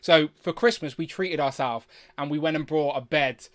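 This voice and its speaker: A man with a slight lisp, hosting a live chat with guests, chatty and quick to laugh. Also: on the high side, a bit bright. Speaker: livestream host.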